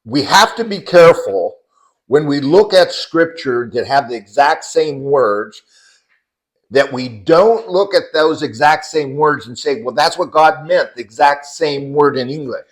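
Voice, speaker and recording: A man's voice: fairly high pitch, expressive, measured pace, low-quality recording. A man leading a casual group Bible study, explaining scripture and the Greek words behind it to the people around him.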